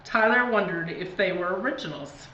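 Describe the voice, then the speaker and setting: A woman reading a spooky children's storybook aloud in a deliberate, dramatic way. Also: on the low side, lively intonation, bright, forceful tone. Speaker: reader. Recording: distant, echoey, dull, faint hiss.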